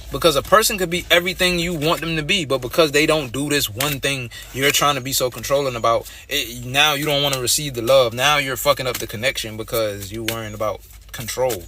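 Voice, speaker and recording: A man's voice: mid-range voice, pushed and bright, a little hiss or hum. A young man giving a casual tarot reading in a blunt, streetwise way, repeating his points as he talks. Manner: loose, conversational, repeats phrases. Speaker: tarot reader.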